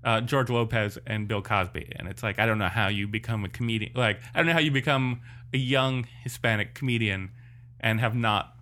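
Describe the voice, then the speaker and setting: A man hosting a casual podcast in a bright, forceful voice. He asks probing questions and wanders through his own thoughts. His talk is loose and full of restarts. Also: fairly low pitch, brisk. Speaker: podcast host.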